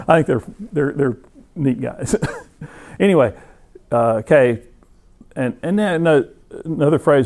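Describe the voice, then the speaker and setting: A man's voice: mid-range voice, moderate pace, pauses often, a little mellow. A man teaching a Bible class in a conversational lecture, with many restarts, reading passages aloud between his own comments. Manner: reads scripture passages aloud.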